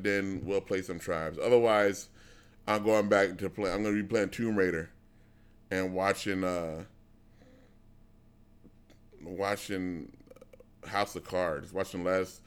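A man's voice: deep voice, moderate pace, pauses often. A man streaming live, chatting casually with his viewers in a rambling, blunt way with lots of restarts. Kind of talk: casual rambling chat to an audience.

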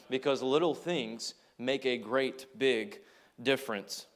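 Male preacher, earnest, tells stories from the pulpit and speaks his listeners' objections aloud. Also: medium pitch. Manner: earnest preaching with acted quotes and storytelling. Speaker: pastor. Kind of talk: sermon.

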